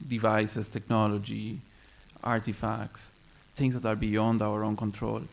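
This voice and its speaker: A man's voice: lowish voice, little pitch movement, a little slow, gravelly. A man speaking on a panel at a round-table discussion, thoughtful and hesitant, with many fillers and restarts.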